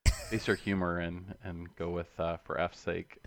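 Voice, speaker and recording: A man's voice: sits low, level tone, normal speed, a bit bright. A man co-hosting a casual podcast, hesitant with many fillers. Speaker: podcast co-host.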